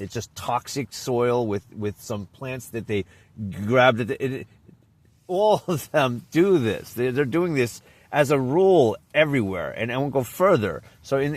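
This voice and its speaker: A man's voice: medium pitch, no echo. A man telling a personal anecdote in a casual, rambling way, often restarting and trailing off. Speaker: vlogger.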